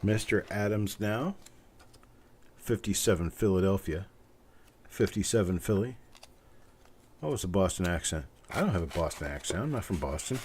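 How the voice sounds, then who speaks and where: A man's voice: low voice, expressive, normal speed, pauses often, a little mellow, a little hiss or hum. A man hosting a live coin giveaway stream, chatting casually in an upbeat, joking way as he calls out viewers' names. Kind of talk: casual livestream chat.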